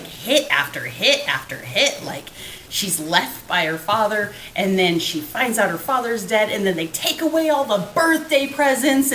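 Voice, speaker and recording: A woman co-hosting a podcast, talking in a lively, swooping voice that rises fairly high. She is dramatic and expressive and laughs often. The recording has a roomy echo and faint background noise. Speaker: podcast co-host. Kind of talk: casual chat.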